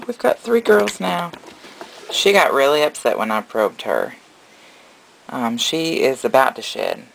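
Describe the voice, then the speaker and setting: Guy snake breeder chatting easy and gentle, gravelly voice, bouncy up and down tone. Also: medium pitch, rough recording. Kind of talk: casual video update.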